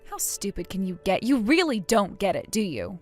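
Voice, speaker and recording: A woman's voice: mid-range voice, big pitch swings, moderate pace, a little mellow, faint music behind. A woman voicing a stern, cold young woman who scolds and refuses to forgive in a scripted drama.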